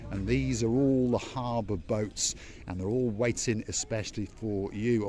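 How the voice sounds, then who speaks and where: A man with a fairly low voice chats his way through a harbour walk, teasing and joking with his viewers. He is recorded outdoors on a camera mic, with faint noise behind him. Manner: chatty, playful, teasing asides to viewers. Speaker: vlog host. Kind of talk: walking tour vlog narration.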